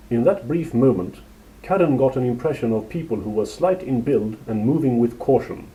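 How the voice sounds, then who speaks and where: A man narrating a fantasy story in a steady, measured reading. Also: medium pitch, low-quality recording.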